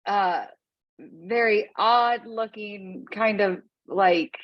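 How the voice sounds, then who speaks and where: A woman's voice: mid-range voice, drawn-out words, dull audio. A woman co-hosting a podcast, chatty and teasing, with lots of fillers. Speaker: podcast co-host. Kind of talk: casual chat. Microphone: phone.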